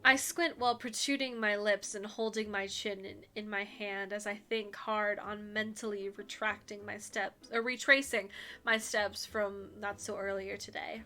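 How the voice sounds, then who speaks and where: Bright, playful woman streamer. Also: mid-range voice, fairly even intonation, soft background music. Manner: playful, quick asides with laughter. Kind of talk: game read-through with chatty asides.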